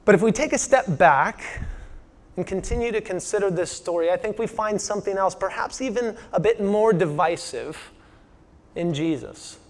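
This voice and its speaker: A man preaching a sermon in a conversational style, asking the congregation rhetorical questions and dropping his voice soft for emphasis. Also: sits high, normal speed. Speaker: pastor.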